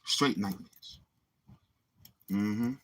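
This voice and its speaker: A man's voice: on the low side, very slow. A man with a New York accent hosting a livestream, boasting and taunting his chat in street slang. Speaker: livestream host. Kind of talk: live-stream trash talk.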